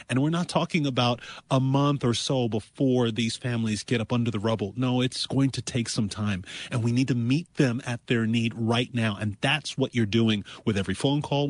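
A man's voice: mid-range voice, breathy edge, no room sound. A man representing a charity on a radio show, making an urgent, emphatic fundraising appeal and thanking callers.

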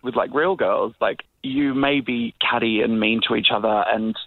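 A man's voice: medium pitch, fairly even intonation, moderate pace, phone-quality sound, a little hiss or hum. A man, a drag queen guest on the phone, camp and playful. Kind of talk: phone interview.

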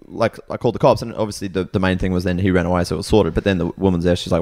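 A man's voice: low voice, very fast, few pauses. A man in casual podcast chat, telling a story with lots of laughter. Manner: animated storytelling, laughs often. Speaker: comedian podcast guest.

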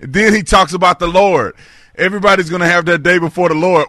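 A man hosting a political talk show, animated and laughing often as he talks with a guest. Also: high voice, quick pace, dry recording. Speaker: host.

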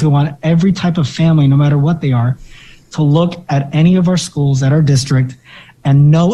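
A man's voice: mid-range voice, dark tone, low-quality recording. A man on a school board making an earnest, formal statement at a meeting.

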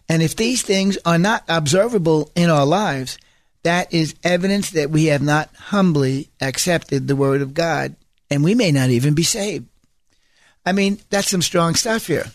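A male preacher with a fairly high voice, driving his points home through insistent repetition. He slips into chatty asides and corrects himself mid-thought. The recording is dry and close, with no room sound. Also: no room sound. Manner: emphatic, repeats phrases for stress; conversational asides and self-corrections. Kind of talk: sermon.

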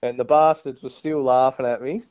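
A man's voice: mid-range voice, steady tone, normal speed, crowd noise. A Tasmanian man with an Australian accent, telling a broad fishing yarn in casual chat. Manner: broad, yarn-spinning, says mate a lot. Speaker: guest angler. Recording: dull lo-fi dry sound.

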